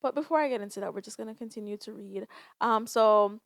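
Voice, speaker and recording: A fast-talking young woman with vocal fry and a mid-range voice hosts a casual solo podcast, candid and emotional, sighing and swearing often. The sound is clean studio audio with no echo.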